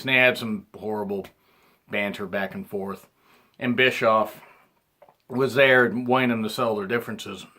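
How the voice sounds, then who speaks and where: A man in his thirties giving a rambling casual recap as a reviewer, often clearing his throat and restarting his sentences. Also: fairly low pitch, bright, forceful tone. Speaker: wrestling reviewer.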